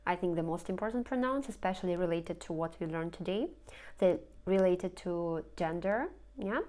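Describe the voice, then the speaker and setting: A woman teaching vocabulary, saying each word twice slowly and clearly and explaining in English. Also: lowish voice, darkish tone. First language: Russian. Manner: repeats each word slowly and clearly, rising question intonation. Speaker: language teacher. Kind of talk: slow lesson narration over slides.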